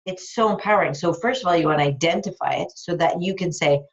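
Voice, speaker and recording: A woman's voice: lowish voice, quick pace. A woman life coach on a live call, talking frankly and enthusiastically with casual swearing. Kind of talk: live coaching call, answering a listener's question. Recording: dull lo-fi recording.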